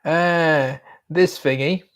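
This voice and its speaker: A man's voice: fairly high pitch, steady tone, extremely slow, a bit bright, smooth. A young man talking to himself while he codes for a vlog, mumbling and humming filler sounds as he types. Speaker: vlogger coding on camera. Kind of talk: casual self-talk while working.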